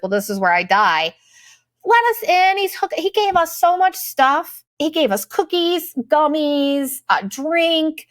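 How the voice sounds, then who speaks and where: A woman's voice: fairly high pitch, fairly bright tone, no echo. A middle-aged woman telling a travel story in a casual, profane, exasperated and sarcastic way. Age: late 30s to 40s. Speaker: vlogger.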